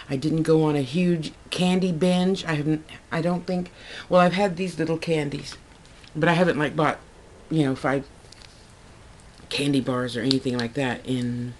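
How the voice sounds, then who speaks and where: A woman's voice: sits low, a little mellow, slight background noise. A woman talking to her camera in a casual, heartfelt vlog monologue, rambling and repeating herself as she goes. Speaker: vlogger.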